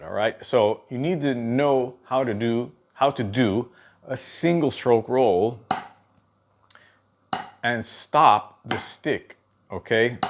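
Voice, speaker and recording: A middle-aged man teaching drum technique in a relaxed, conversational way, often checking in with a quick "okay?" while counting out patterns. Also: medium pitch. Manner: casual, checks in with frequent "okay?" asides. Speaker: drum instructor. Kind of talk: spoken drum lesson with demonstrations.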